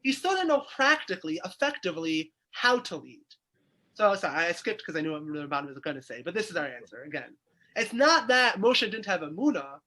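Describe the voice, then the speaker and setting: A man's voice: high voice, big pitch swings, fairly quick, sharp tone. A man, teaching a weekly Torah class as a rabbi over a video call, explaining by asking questions aloud. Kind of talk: lively text study lecture.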